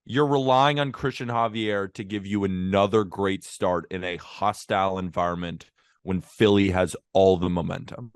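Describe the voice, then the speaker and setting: A man co-hosting a casual sports podcast, chatty and quick to laugh, on a close mic. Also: low-pitched, smooth, no room sound. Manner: animated, laughs often, chatty. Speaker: podcast co-host.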